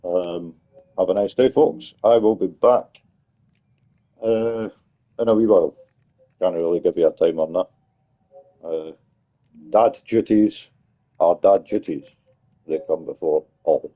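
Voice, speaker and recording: A man's voice: low-pitched, a little slow, long pauses, dull audio. A man streaming casually, talking in a playful, rambling, fatherly way. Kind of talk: casual stream chat with his child.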